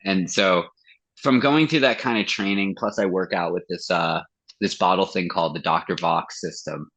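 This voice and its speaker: A metal singer being interviewed on a podcast, talking in a loose, profane way. His voice sits low and a little husky. He acts out what others said to him as he tells his stories. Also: moderate pace, a bit bright, poor audio. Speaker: guest singer of a metal band. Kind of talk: casual interview chat.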